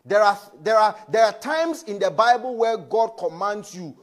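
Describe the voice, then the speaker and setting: A man with a strikingly high voice preaches to his congregation. His pitch leaps up and down as he swings from loud, forceful emphasis to hushed asides. He keeps checking in with the congregation as he talks. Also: expressive, moderate pace. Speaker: pastor. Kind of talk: sermon. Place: church.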